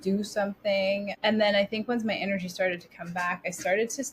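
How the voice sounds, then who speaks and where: A woman in her forties, a podcast guest telling stories in a chatty, animated way with lots of restarts. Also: mid-range voice, normal speed, a little hiss or hum. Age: 40s. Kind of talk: casual interview storytelling.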